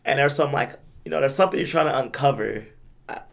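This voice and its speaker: A man's voice: medium pitch, fast, creaky, fairly bright tone. A young man chatting casually as a podcast co-host, rambling and often stumbling over and repeating his words. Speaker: podcast co-host back from a gaming convention. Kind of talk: casual chat.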